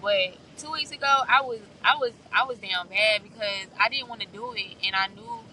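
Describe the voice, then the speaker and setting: A woman's voice: mid-range voice, normal speed, sharp tone, recorded from a distance, low-quality recording. A woman sharing an earnest, heartfelt personal faith vlog, often checking in with her listeners as she talks. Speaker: faith vlogger. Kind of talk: candid personal vlog monologue.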